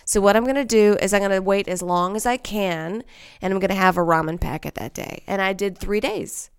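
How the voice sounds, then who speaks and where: A woman's voice: medium pitch, fairly quick, smooth. A woman co-hosting a podcast, telling crude, brash stories in casual chat. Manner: brash, crude storytelling with bursts of laughter. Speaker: podcast co-host.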